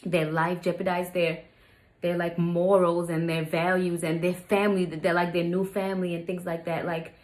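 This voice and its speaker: A woman's voice: lowish voice, little pitch movement, normal speed, a little mellow. A young adult woman telling a personal story to her viewers, candid and venting, often calling them "you guys". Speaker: vlogger.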